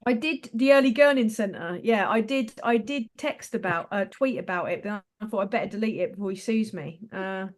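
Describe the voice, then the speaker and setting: A woman's voice: mid-range voice, fairly quick, hardly any pauses. A woman on a live chat show, telling a blunt story with casual swearing. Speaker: co-host.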